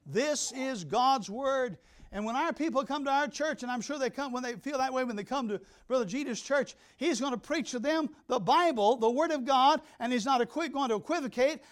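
High-voiced man preaching a sermon. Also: brisk. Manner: emphatic preaching, swings from loud to hushed. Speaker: pastor.

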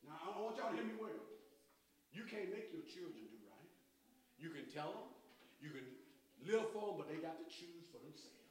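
High-pitched preacher guy, calls to the crowd, heard from far in a roomy church. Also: lively intonation, normal speed, pauses often. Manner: call-and-response preaching, rising to shouts. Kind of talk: sermon. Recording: very echoey church hall, mic from afar.

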